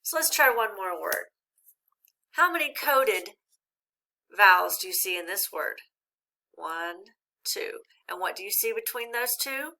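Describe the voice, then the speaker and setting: A woman teacher giving a recorded reading lesson, speaking slowly and clearly and encouraging young learners. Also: mid-range voice, expressive, bright, forceful tone.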